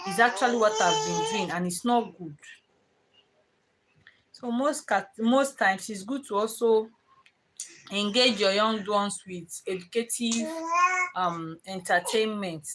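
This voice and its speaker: A young woman talks casually to her live-stream viewers about parenting. She rambles in loose, restarting sentences full of fillers, and her voice sits at an ordinary middle pitch. Now and then she turns sharp and stern to scold a child. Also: a little hiss or hum, poor audio. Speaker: parenting vlogger.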